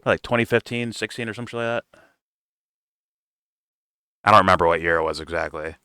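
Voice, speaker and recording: A man's voice: deep voice, a little fast, bright, forceful tone, clean tone, no echo, clean studio sound. A man doing casual reaction commentary, blunt and profane, rambling and restarting his sentences. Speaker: reaction streamer.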